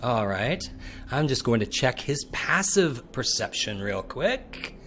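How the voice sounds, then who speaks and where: A man running a tabletop game as dungeon master, narrating scenes slowly and descriptively, with some restarts. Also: medium pitch, sing-song, a bit bright, a little hiss or hum.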